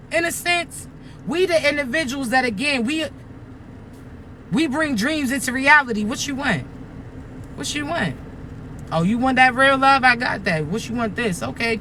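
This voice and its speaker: A man's voice: very high voice, pushed and bright, slight background noise. A man giving a spiritual monologue to viewers, emphatic and streetwise, firing rhetorical questions. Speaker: spiritual content creator.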